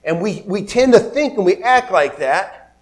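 A male pastor preaching a sermon in a conversational, animated way, acting out biblical figures and asking the congregation questions. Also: sits high, unhurried. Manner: conversational, asks the audience questions.

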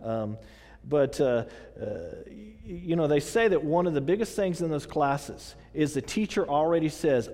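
A man's voice: sits high, animated, moderate pace, a little mellow, long reverb tail. A middle-aged man preaching a sermon in a casual, conversational way, often repeating himself and using fillers. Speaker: pastor.

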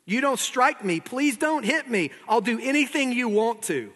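A man's voice: sits high, animated, normal speed, a bit bright, big-room sound. A man voicing the wizard Oz, a solemn, grand voice that turns into a trembling little old man. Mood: pleading. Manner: solemn pronouncements, then trembling pleading. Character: booming wizard turned timid old man.

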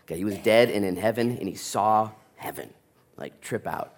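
A man preaching a sermon as a pastor, telling stories with lively, animated energy and acting out the people in them. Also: lowish voice, normal speed, vocal fry. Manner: animated storytelling, acting out voices.

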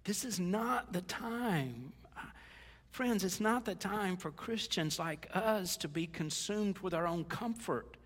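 A man's voice: high-pitched, animated, slow pace, a bit bright. A middle-aged male pastor preaching a sermon in a conversational, joking way, slipping into quoted asides. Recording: long hall reverb.

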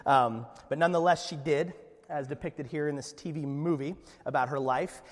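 A man preaching a sermon in a church, telling a story with lively energy and frequent restarts. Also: on the high side, normal speed, big-room sound. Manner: animated storytelling with many restarts. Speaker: pastor.

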